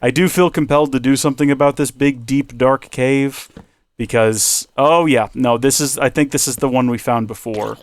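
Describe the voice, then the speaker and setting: A man's voice: medium pitch, steady tone, normal speed, dry recording. A man hosting a video game let's-play, giving chatty, rambling commentary as he talks to himself and his viewers. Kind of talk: casual gameplay commentary.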